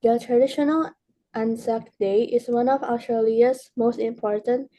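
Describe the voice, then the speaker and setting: A woman's voice: a little high, fairly even intonation, unhurried, dark tone, rough recording. A woman student reciting a short class presentation in English, working from memory and sounding unsure when questioned.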